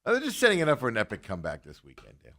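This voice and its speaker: Male sports talk host, bouncy pitch, jokey and chuckling. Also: huge pitch swings, racing, fairly bright tone. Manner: joking, chuckling often, restarts. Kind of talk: casual sports banter.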